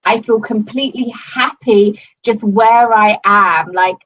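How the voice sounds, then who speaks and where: A woman's voice: mid-range voice, takes it slowly, dull audio. A woman giving a casual testimonial to her coach, gushing and swearing often, with many fillers. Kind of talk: casual video-call testimonial.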